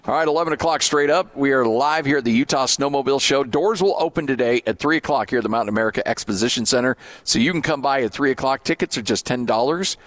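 A man's voice: mid-range voice, fast talker, few pauses, fairly bright tone, no echo. Male sports radio host, easygoing live banter. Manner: laughs easily, teasing. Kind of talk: casual sports radio chat.

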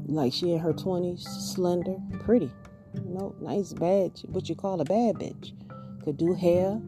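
A woman with a Southern US accent, hosting a podcast and talking straight to her listeners in a folksy, repetitive way. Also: fairly low pitch. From southern United States. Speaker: podcast host. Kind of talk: casual monologue.

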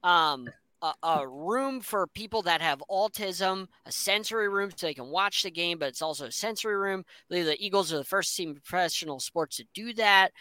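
Guy on a sports podcast, rambling hot takes, real bright voice, pitched a bit high. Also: animated, fairly quick, clean tone, dry recording. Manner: enthusiastic, opinionated, rambling. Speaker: sports show co-host. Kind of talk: casual sports talk.

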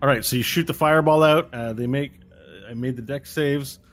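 A man running a tabletop game as game master, narrating scenes vividly with halting pauses and shouted cries. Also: mid-range voice.

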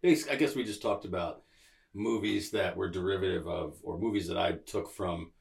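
A man's voice: deep voice, moderate pace, creaky. A man hosting a casual podcast chat, telling stories animatedly with laughs and casual swearing. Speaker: podcast host.

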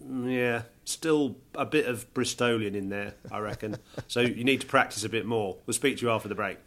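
A man from England hosting a podcast, recapping in a brisk, summarising way with light teasing. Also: medium pitch, fairly bright tone. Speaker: podcast host. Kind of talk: casual analytical chat.

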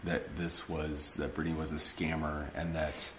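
A man speaking in an interview, measured and a little hesitant. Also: a bass voice, flat delivery, reverberant, background noise.

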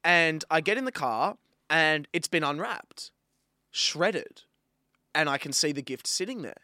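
A man's voice: fairly high pitch, unhurried, no echo, clean studio sound. An Australian man co-hosting a podcast, ranting with lots of swearing in casual chat. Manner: animated, profane ranting. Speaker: podcast co-host.

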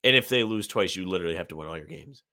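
A man's voice: sits low, lively intonation, very fast, sharp tone, no echo, clean studio sound. A congested man co-hosting a casual sports podcast, making joking, loose asides about the game. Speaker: podcast co-host.

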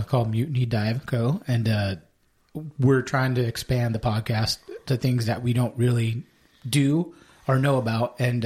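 A man's voice: medium pitch, a little mellow, husky. A man hosting a podcast, laid-back, introducing his guest and asking short questions. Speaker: podcast host. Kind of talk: casual interview.

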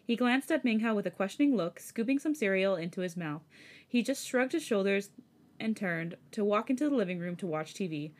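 A woman's voice: mid-range voice, animated, normal speed. A woman podcast host reading fan fiction aloud, breaking off for chatty, giggly asides. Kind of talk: casual story reading.

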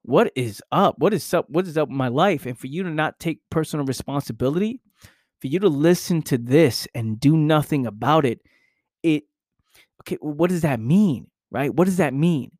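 A man's voice: a little high, animated, normal speed, a little mellow, no echo, studio quality. A young adult man giving an intense, profane motivational monologue, full of repetition and rhetorical questions. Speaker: motivational speaker.

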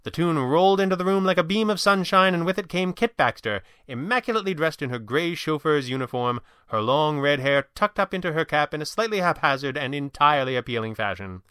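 A man narrating a novel in an even storytelling voice. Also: a little high, brisk, hardly any pauses, clean tone, dry recording, clean studio sound. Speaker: audiobook narrator. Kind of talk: scripted narration.

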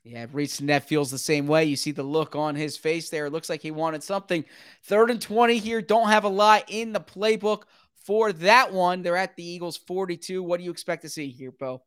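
Smooth higher-voiced man calling football. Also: no echo, studio quality. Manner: brisk, rising sharply with excitement at big plays. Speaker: play-by-play announcer. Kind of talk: live football play-by-play commentary.

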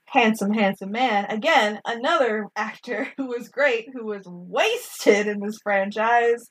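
A woman with a slightly high voice recaps a film in casual chat. She is animated and gushing, and she keeps jumping into the characters' lines. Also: a little slow, slightly rough, low-quality recording. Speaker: podcast co-host.

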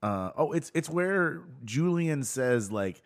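A man's voice: a little high, animated, slow. A man co-hosting a podcast, recapping a TV episode in casual chat, rambling with stammering restarts and frequent laughs. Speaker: podcast co-host.

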